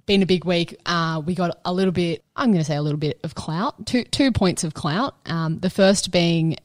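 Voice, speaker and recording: Brief: upbeat woman host, lowish voice, dry studio mic. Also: normal speed, no echo. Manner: chatty and upbeat, with restarts. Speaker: podcast host. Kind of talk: casual chat.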